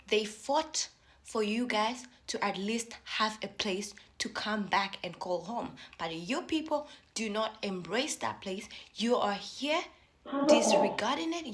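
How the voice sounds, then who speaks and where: A woman's voice: fairly high pitch, fairly bright tone. A woman from Africa with an African English accent, speaking straight to viewers in emphatic, pleading commentary and repeating lines for stress. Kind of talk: impassioned direct-to-camera commentary.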